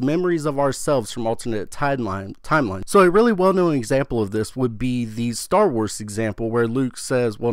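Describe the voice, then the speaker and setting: An excitable young man talking straight to his viewers, rambling, cutting himself off and swearing freely. His voice sits at an ordinary middle pitch. The recording is dry with no room sound. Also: clean tone, no room sound. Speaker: gaming channel host. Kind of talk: casual video commentary on a game storyline.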